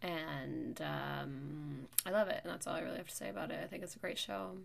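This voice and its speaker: A woman podcast host telling a story in casual chat, getting louder and more worked up as she goes. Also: a little fast, vocal fry, a little hiss or hum. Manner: animated, gets louder and higher as the story heats up. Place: New York.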